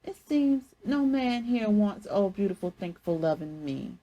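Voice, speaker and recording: A woman voicing a loud, stubborn grown woman who whines playfully to her mother, in a higher, sing-song voice. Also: very animated, unhurried, lo-fi sound. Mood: playful pouty.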